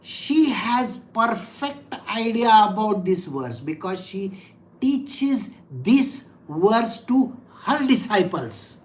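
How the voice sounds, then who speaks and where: A woman's voice: medium pitch, rough recording. Woman giving a direct scripture talk. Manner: direct, questioning the audience. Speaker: spiritual teacher. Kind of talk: scripture discourse.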